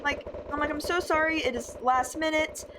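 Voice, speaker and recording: A teenage gaming vlogger with a high voice tells a storytime anecdote over gameplay footage, chatting with lots of "like" and "I'm like." Her intonation is fairly even and her pace moderate, with a noisy background.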